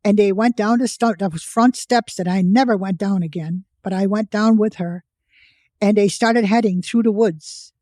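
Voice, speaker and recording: A woman's voice: medium pitch, moderate pace, mellow, dry recording, studio quality. Older woman telling a vivid life story. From United States. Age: 80s. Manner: vivid storyteller who acts out quoted voices. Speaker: guest. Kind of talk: personal storytelling.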